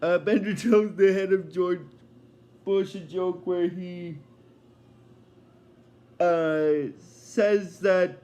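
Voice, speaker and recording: A man retells a cartoon episode at a slow, meandering pace, full of fillers. His voice sits high for a man and stays casual throughout. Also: steady tone, dark tone, dull audio. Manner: rambling, many fillers, chuckling asides. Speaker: episode reviewer.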